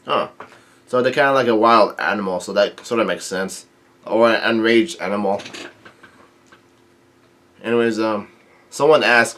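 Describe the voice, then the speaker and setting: A man casually reading through and recapping a manga chapter, halting with frequent ums and restarts. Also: lowish voice, fairly even intonation, fairly bright tone.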